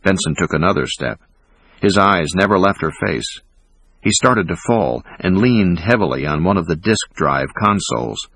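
A man reading a thriller audiobook in a measured, dramatic way. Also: low-pitched, expressive, gravelly, fairly bright tone, husky, no echo. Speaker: audiobook narrator. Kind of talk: scripted narration.

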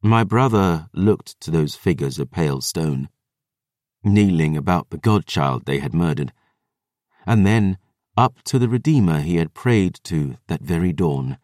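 Male audiobook narrator, dramatic and measured, deep-ish voice. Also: animated, a little mellow, no room sound, studio quality. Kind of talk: scripted narration.

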